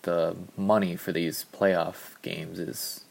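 Male podcast host, low voice, vocal fry, casual rambling talk, slightly winded. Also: flat delivery, takes it slowly, darkish tone. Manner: rambling, offhand, many ums. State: out of breath.

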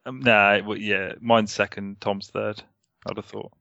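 A man's voice: lowish voice, level tone, a little slow, creaky, bright, forceful tone, no room sound. A man co-hosting a casual podcast chat, rambling, hedging a lot and swearing casually. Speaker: podcast co-host. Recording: slightly muffled dry recording.

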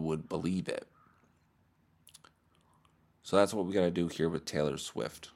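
A man's voice: low voice, steady tone, measured pace, gravelly, long pauses, darkish tone. A man hosting a solo podcast, talking in a profane, self-mocking way and restarting his takes. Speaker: podcast host.

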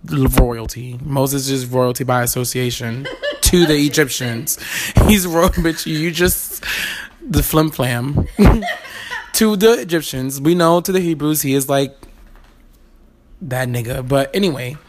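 A woman's voice: rumbling low, a little slow, background noise. A woman telling a Bible story as comedy, profane and slangy, acting out the characters and breaking into laughter. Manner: profane, slangy, acts out the characters, laughs at her own lines. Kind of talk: comic retelling of a Bible story.

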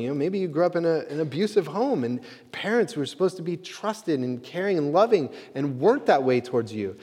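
Conversational pastor preaching in a reverberant church. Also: male voice, on the high side, very animated, brisk, hardly any pauses, a little mellow, breathy edge. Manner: earnest, conversational preaching with many fillers. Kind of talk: sermon. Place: church sanctuary. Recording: long hall reverb.

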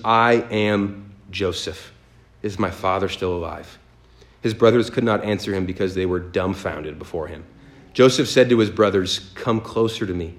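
A man leading a sermon as pastor, reading scripture aloud slowly and then preaching in a lively, joking way. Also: lowish voice.

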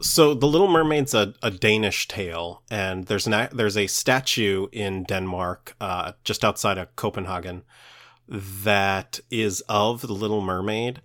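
A man's voice: fairly low pitch, measured pace, a bit bright. A man co-hosting a podcast, explaining stories in an easygoing, casual way. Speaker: podcast co-host. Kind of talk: casual chat, storytelling.

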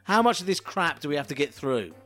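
A man's voice: fairly high pitch, big pitch swings, fast, sharp tone, soft background music. A man, co-hosting a board game in casual chat, grumbling and easily bored. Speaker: co-host playing a board game.

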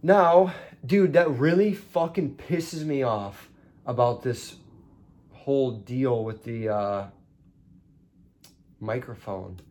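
A man's voice: medium pitch, slow, long pauses, a little mellow. A young man telling a story as a podcast host, casual and profane, rising into indignant ranting.

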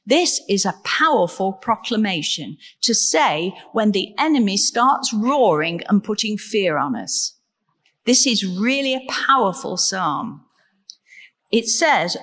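A woman preaching a sermon in a slow, measured way and asking rhetorical questions. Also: mid-range voice, very animated, fairly bright tone. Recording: long reverb in a large hall.

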